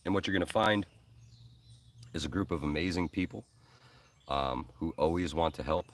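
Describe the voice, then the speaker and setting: This Hudson Valley, New York man runs a preparedness live stream in a very deep, low voice at a moderate pace. He rambles in a friendly, chatty way, full of ums and uhs, responding to viewer comments as they arrive. He's seated a little back, so the mic sounds distant.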